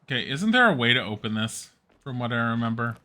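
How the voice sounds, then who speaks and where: A man's voice: medium pitch, sing-song, a little fast, bright, forceful tone. A man streaming a game, talking casually to himself, muttering, groaning and swearing at setbacks. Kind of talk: casual gameplay commentary.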